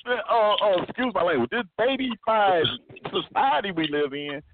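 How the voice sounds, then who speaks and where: A man hosting a casual sports podcast, ranting loudly and laughing as he makes his points. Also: sits high, normal speed. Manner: loud, animated ranting with laughs. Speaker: podcast host. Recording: tinny phone-like line with noise.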